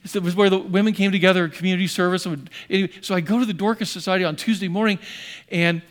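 A man preaching a sermon as a pastor, telling a personal story with lively back-and-forth dialogue acted out. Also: high-pitched, very fast. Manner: animated storytelling, acting out both sides of a dialogue.

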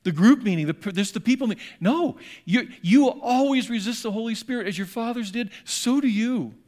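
A pastor preaches a sermon in a church sanctuary, dramatically voicing characters from scripture and swinging between loud and hushed delivery. His voice is very high and a little fast.

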